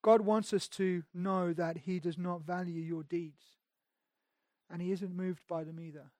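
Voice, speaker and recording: A man delivers a sermon in a fairly high voice. He swings between raised, emphatic lines and soft, intimate passages, often repeating or restarting his words. The sound is dry and close, with no room echo. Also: fairly even intonation, unhurried. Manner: preaching with dramatic swings between loud emphasis and hushed intimacy. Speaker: pastor.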